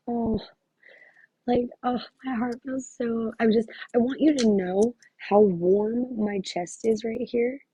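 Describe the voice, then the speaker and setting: A woman's voice: a little high, warm tone, husky, no echo, rough recording. A woman working as a psychic medium, talking through a live reading in a gushing, exclamatory way and thinking aloud with many fillers.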